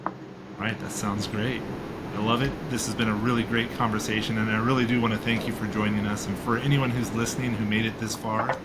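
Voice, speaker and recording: A man's voice: lowish voice, level tone, brisk. A man hosting an interview podcast, affirming his guest and repeating words as he rephrases her points. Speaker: podcast host. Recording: loud background noise.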